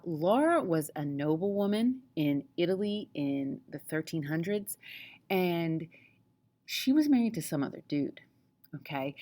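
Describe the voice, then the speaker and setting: A woman's voice: low voice, a little mellow. A woman teaching a lesson on poetry in a casual, chatty way, often checking in with the class. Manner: casual, chatty, frequent "okay?" check-ins.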